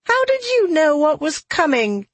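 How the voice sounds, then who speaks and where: A narrator voicing a grumbling young female mage in an audiobook, pitched well above the reader's own voice. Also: wildly swooping pitch, a little slow, dry recording, full character voice.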